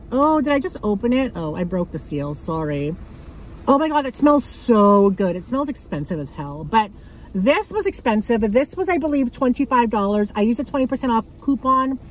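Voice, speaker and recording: A woman from Canada, talking casually and bluntly to her viewers on a handheld phone, swearing freely and swinging between excitement and annoyance. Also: a little high, a little hiss or hum, low-quality recording. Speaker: vlogger. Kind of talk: casual vlog chat. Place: car and grocery store.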